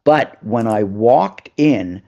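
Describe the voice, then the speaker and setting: A man guest on a live interview show, telling lively anecdotes and acting out the voices of other people. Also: on the low side, slow pace, creaky. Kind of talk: animated storytelling in an interview. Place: live video call. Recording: slightly dull, lo-fi sound.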